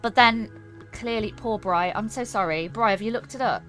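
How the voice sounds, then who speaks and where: A woman's voice: mid-range voice, normal speed, a bit bright, faint music behind. A woman streaming a game, chatting playfully with her viewers and joking around. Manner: playful, giggly, chats to viewers. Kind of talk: casual gaming stream chat.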